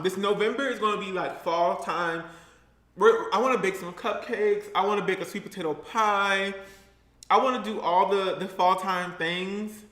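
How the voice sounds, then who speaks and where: A man with a high, bright voice chats in a sassy, playful way. He talks casually to his viewers in an eating vlog. The room around him sounds echoey. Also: moderate pace. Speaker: vlogger.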